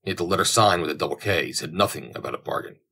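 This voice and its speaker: A man narrating a classic novel as an audiobook in measured, descriptive storytelling. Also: deep voice, creaky, sharp tone, slightly rough.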